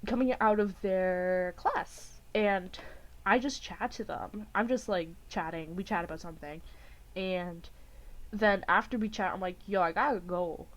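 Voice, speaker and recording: A woman's voice: medium pitch, measured pace. A young woman co-hosting a podcast, telling a rambling, giggly story in casual chat and acting out what people said. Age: young adult. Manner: rambling, giggly, acts out quotes with voices. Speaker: podcast co-host.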